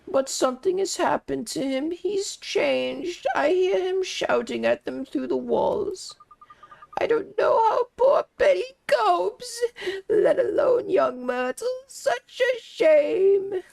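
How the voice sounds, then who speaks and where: A woman's voice: very high voice, very animated, takes it slowly, gravelly, darkish tone, pitched above the performer's own voice, exaggerated voice. A woman voicing a gossipy, kindly old female neighbor who gets sentimental and fussy. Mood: teary. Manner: fussing, sentimental, quavering.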